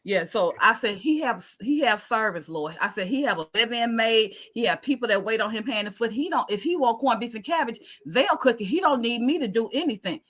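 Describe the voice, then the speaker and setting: Bright-voiced woman telling a lively story. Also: fairly high pitch, brisk, hardly any pauses. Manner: expressive, acts out dialogue, Southern American speech patterns. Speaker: guest giving testimony. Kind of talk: animated storytelling testimony.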